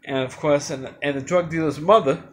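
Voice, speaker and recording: Male solo vlogger, slightly higher pitch, loose rambling delivery with frequent restarts. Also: brisk. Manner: rambling, many restarts and fillers. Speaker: movie reviewer. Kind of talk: unscripted solo review.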